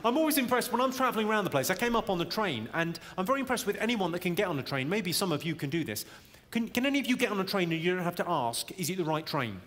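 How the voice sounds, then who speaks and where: A man performing a stand-up routine, delivering deadpan one-liners and teasing the crowd. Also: sits high, racing, hardly any pauses. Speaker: stand-up comedian. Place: comedy venue stage. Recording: reverberant venue audio with loud crowd noise.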